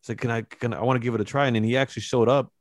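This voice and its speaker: A man hosts a podcast in easy, slangy chat and wanders through long stories at his own pace. His voice sits at an ordinary pitch and is recorded close and dry, with no room sound. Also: very fast, no room sound. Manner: relaxed, slangy, rambling storyteller. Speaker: podcast host. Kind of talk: casual chat.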